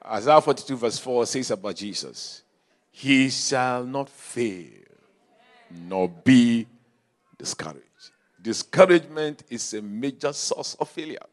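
A male pastor preaching a sermon in a church, telling stories and swinging from quiet asides to shouted calls. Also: medium pitch, lively intonation, takes it slowly.

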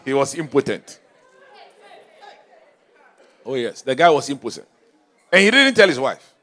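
A male pastor with a fairly high-pitched voice preaches a sermon in church, weaving in stories. He swings between quiet asides and shouted calls.

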